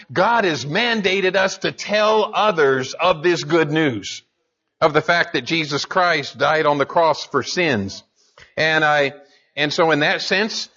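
A man's voice: on the high side, sharp tone, highs cut off. A man preaching a sermon as pastor, talking in a conversational way and climbing to emphatic peaks.

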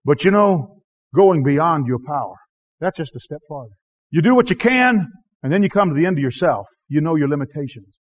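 A high-pitched man preaches a sermon, swinging between shouting and hushed tones and chuckling as he goes. His voice comes through a dull, lo-fi recording with muffled highs. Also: lively intonation, a little fast. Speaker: missionary preacher.

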